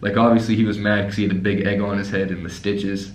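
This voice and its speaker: A man's voice: on the low side, little pitch movement, fast. A young man telling a casual storytime as a travel vlogger, rambling and full of fillers. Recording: roomy echo.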